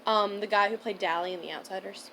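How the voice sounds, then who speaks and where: A young woman co-hosting a casual podcast chat, blunt and profane, swinging from loud outbursts to mumbled asides. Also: medium pitch, fairly even intonation, fast, noisy background. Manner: blunt, swears often, jumps between loud and mumbled. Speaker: podcast co-host.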